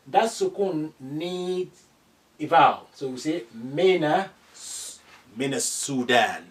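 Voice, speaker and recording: A man teaches a beginners' language class, drawing out each word and repeating phrases so learners can follow along. His voice sits a little high and swings up and down a lot as he talks. He sounds some way off from the mic. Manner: slow and deliberate, repeating phrases and spelling out sounds. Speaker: Arabic teacher. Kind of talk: classroom lesson. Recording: distant from the mic.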